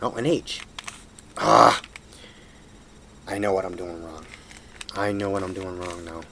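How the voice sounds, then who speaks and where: A man's voice: low-pitched, steady tone, measured pace, pushed and bright, slight background noise. A man casually walking through a puzzle tutorial at home, self-deprecating and apologetic as he fumbles, recorded on a camera mic. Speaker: hobbyist showing a puzzle solve.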